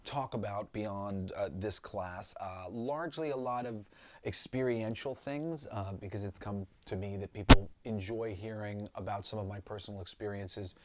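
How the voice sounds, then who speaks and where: A man's voice: on the low side, normal speed. A man giving a casual spiritual lesson, talking in a rambling, heartfelt way with many ums and restarts. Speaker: spiritual teacher.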